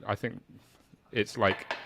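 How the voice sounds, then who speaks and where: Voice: takes it slowly, background noise. A podcast guest in casual chat, reacting with exclamations.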